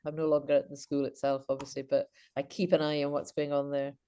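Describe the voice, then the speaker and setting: A British woman, half Welsh and half Scottish, joins an informal Q&A over a video call as a guest. Her low voice is dark, smooth and flat, with a quick pace, and she tells chatty anecdotes full of false starts.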